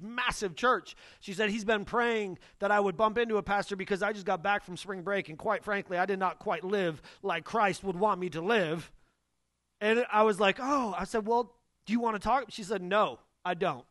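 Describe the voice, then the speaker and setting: A young male pastor preaching with a high, light voice. He tells his stories in an animated way and acts out the dialogue. The sound is dry and close. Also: no room sound. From Northern US. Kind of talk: sermon with personal stories.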